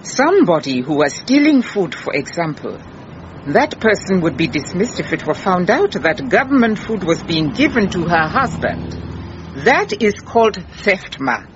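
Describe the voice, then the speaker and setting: A calm, persistent woman detective. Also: lowish voice, normal speed, dull audio, noisy background. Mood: firm, gentle. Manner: gentle but firm, patient. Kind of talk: radio drama acting.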